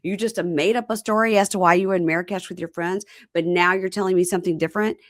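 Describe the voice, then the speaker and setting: A woman podcast host recapping a reality show in casual chat, animated and acting out quotes. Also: quick pace. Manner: animated storyteller, acts out quotes in high voices.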